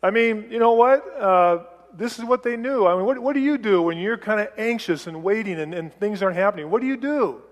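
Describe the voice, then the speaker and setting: A man's voice: high voice, expressive, brisk, few pauses. A middle-aged man preaching on a Bible passage in a conversational way, chatty, with light laughs and acted-out quotes. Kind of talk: conversational sermon. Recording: long reverb of a large hall.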